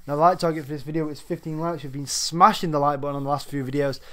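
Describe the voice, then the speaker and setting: A man's voice: a little high, fairly even intonation, fast talker, bright, forceful tone. A young man, slightly out of breath, rambling casually through a video game player review with lots of ums. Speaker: gaming YouTuber.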